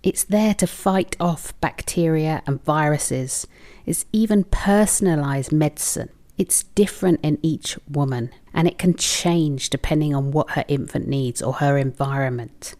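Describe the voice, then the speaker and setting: A woman with a low, mellow voice speaks as a lactation consultant on a podcast. She talks in a heartfelt, emotional way, at times dropping almost to a whisper. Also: a little slow. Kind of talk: podcast conversation.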